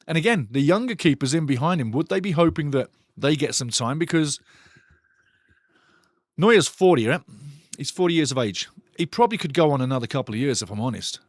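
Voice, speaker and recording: A mid-range male voice fills this live stream watchalong of football, where he chats with viewers, reads comments aloud, and voices frank opinions, frequently repeating himself. It's recorded dry on a desk microphone at studio quality.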